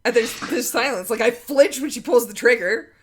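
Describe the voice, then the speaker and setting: A woman playing in a tabletop game, chatty and quick to laugh, often restarting her sentences. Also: fairly high pitch, slight background noise. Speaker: player. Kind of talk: casual tabletop play.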